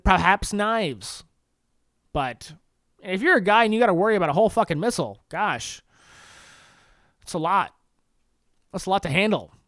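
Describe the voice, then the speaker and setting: A man's voice: high-pitched, a bit bright, smooth, dry recording, studio quality. A young man hosting a comedy podcast alone, riffing sarcastically in mock-pleading bits and laughing at his own jokes. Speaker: podcast host. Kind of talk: solo comedy monologue.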